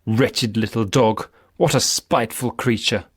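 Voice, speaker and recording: A man's voice: on the low side, unhurried, no room sound, studio quality. A man voicing an imperious, irritable old woman who commands her household in a haughty, petulant way. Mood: cold, imperious.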